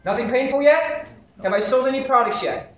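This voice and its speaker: An animated man runs a live training session, throwing questions at the room and acting out phone calls. His voice bounces around a very reverberant hall, with faint background ambience underneath. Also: extremely high pitch, a little fast, slight background noise. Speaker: sales trainer. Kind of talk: live seminar teaching. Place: seminar room with a live audience.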